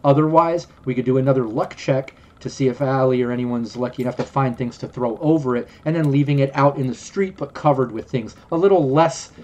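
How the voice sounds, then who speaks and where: A man's voice: mid-range voice, brisk, few pauses, dark tone. A man narrating a tabletop game as game master, rambling with many ums and restarts.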